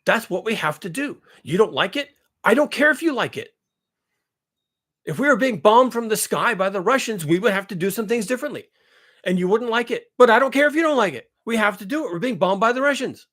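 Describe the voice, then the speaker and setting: A man's voice: high-pitched, lively intonation, a little fast, fairly bright tone. A man in a ranting monologue, urgent and blunt, swearing and repeating lines for emphasis. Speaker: climate commentator.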